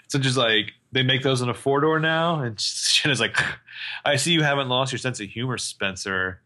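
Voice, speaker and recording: A man co-hosting a podcast, casually recapping a TV episode and acting out the characters' lines in a lively, storytelling way. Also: mid-range voice, moderate pace. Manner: animated storyteller, acts out quotes, swears casually. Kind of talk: casual chat.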